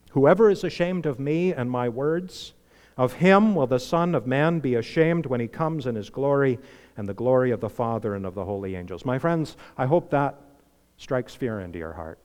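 A man preaching a sermon, fervent, swinging from hushed asides to emphatic exhortation. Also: mid-range voice. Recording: long hall reverb.

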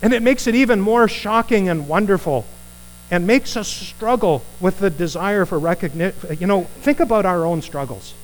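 A man preaching a conversational sermon, animated and putting rhetorical questions to his listeners. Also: sits high, normal speed, low-quality recording.

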